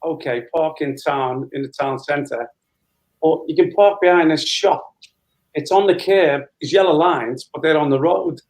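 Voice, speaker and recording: A man's voice: a little high, a little slow, a little mellow, low-quality recording. A man in his fifties, a guest telling a long casual anecdote and acting out dialogue as he goes. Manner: chatty storyteller, re-enacting dialogue with laughs.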